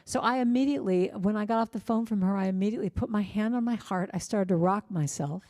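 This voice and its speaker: A middle-aged woman giving a gentle, heartfelt inspirational talk in a church, telling personal stories. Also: medium pitch, quick pace. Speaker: singer-songwriter speaker.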